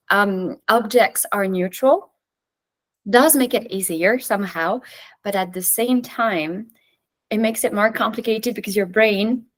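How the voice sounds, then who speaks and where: A woman in her forties whose first language is French, teaching English to learners in a chatty, friendly way with small laughs and restarts. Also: fairly high pitch. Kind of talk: talking to a class of learners.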